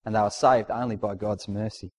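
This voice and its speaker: A man's voice: fairly low pitch, fairly even intonation, brisk. A man preaching a sermon in a conversational, emphatic way, posing rhetorical questions and reading out scripture.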